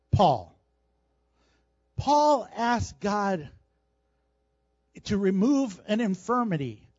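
A man's voice: very high voice, dry recording, highs cut off. A male pastor preaching a sermon, emphatic and repeating phrases for stress.

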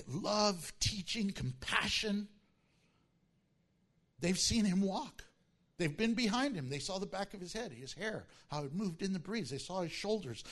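Animated high-voiced male pastor preaching. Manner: animated, acts out disciples' voices. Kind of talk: sermon.

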